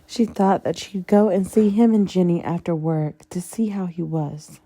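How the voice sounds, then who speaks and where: A woman reading a fanfiction audiobook with a low, dark, gravelly voice. She takes the story slowly and steadily, with a husky grain on every line. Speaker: audiobook narrator.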